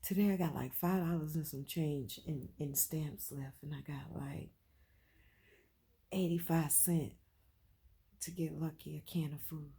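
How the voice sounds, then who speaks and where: A woman with a low, husky voice speaks from the heart in an emotional personal vlog. Her intonation stays fairly even and her pace is a little slow, with frequent pauses. She swings from quiet to loud and emphatic, repeating phrases as she goes.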